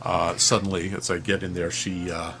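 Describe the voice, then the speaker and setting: A man's voice: deep voice, flat delivery, normal speed. A man vlogging from his own room, rambling through a personal monologue that digresses, swears and is full of fillers and restarts. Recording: clear music behind the voice.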